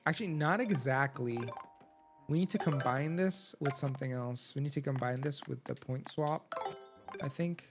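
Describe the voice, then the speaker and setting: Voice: mid-range voice, moderate pace. A game streamer giving live, rambling commentary, full of "like", while reading game text aloud. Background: video game music.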